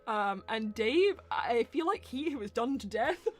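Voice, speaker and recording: Chatty, laughing woman host, high-pitched. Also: a little slow, faint music behind. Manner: chatty, laughs often, animated when indignant. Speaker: host of a live voice-acting show. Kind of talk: casual live-stream Q&A.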